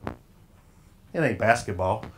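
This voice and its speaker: Addressing a room of sports officials at their association, a man with a Southern US accent delivers a folksy, preacher-style motivational talk, quizzing the audience along the way. His voice is fairly low and extremely slow, with pitch that swoops wildly.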